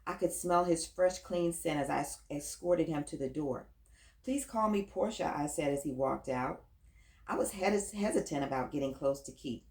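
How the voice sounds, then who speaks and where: A woman narrating a first-person audiobook story with an even, storytelling delivery. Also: sits low, moderate pace. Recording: roomy echo.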